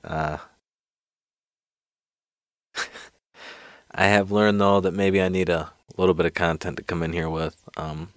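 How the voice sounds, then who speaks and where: A man's voice: low voice, level tone, unhurried, pauses often, no room sound. A man hosting a solo podcast, telling a joke in a rambling, self-deprecating way and laughing often. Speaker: podcast host.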